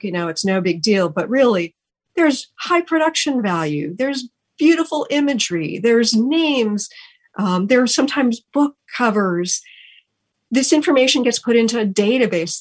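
A woman hosting a radio talk show, thanking her team in an earnest, gushing way with many restarts. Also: on the high side. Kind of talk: heartfelt on-air thank-yous.

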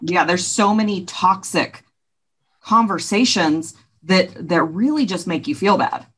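A woman's voice: lowish voice, lively intonation, a little slow, a bit bright, slightly rough. A woman hosting a casual conversation, chiming in with short agreeable reactions.

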